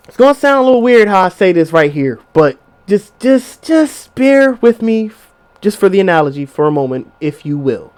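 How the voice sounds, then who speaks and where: High-voiced man ranting on a podcast. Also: clean tone. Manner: profane, animated, acts out quoted voices. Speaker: podcast host. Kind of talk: casual monologue.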